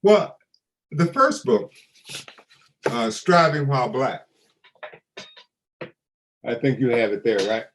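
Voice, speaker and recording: Animated older man telling stories. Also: medium pitch, slow, pauses often, a little hiss or hum, poor audio. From United States. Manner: animated storyteller who acts out quoted dialogue. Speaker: interview guest. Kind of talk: storytelling interview.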